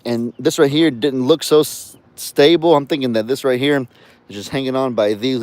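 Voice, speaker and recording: A man's voice: fairly low pitch, darkish tone. A man chatting casually on his farm in a vlog, cooing at his animals and telling viewers about his day. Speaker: farm vlogger. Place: outdoors on a farm.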